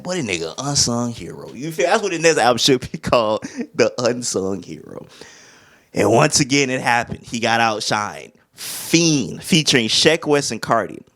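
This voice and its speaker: Animated young man reviewing an album. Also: medium pitch, moderate pace. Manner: animated, slangy, hums beats and imitates rappers. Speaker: music reviewer.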